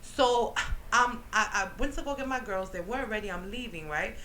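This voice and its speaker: A young woman hosting a radio show, telling stories in a slangy, animated way with plenty of laughter. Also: medium pitch, normal speed, a little hiss or hum, rough recording. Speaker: radio show host and teacher. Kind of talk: casual radio banter and storytelling. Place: radio studio.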